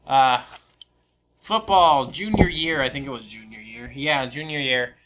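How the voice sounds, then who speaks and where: A young man co-hosting a casual podcast tells stories animatedly and laughs often. His medium-pitched voice is a bit bright and unhurried in this relaxed storytelling chat.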